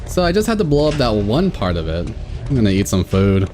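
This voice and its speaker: A man's voice: on the low side, sing-song, fairly quick, darkish tone, faint music behind. A man casually commentating his own game playthrough, thinking aloud and laughing often. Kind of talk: casual let's-play commentary.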